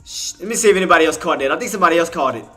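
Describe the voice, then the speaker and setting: A man's voice: a little high, racing, pushed and bright, faint music behind. A man streaming live trading commentary, talking in casual slang and often venting in frustration, repeating himself and cursing under his breath. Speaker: day trading livestream host.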